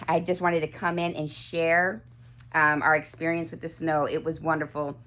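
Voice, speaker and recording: A woman's voice: fairly low pitch, steady tone, normal speed. A middle-aged woman chatting casually to camera about her dolls, gushing and full of fillers and restarts. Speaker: doll collector vlogger. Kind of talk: casual chat.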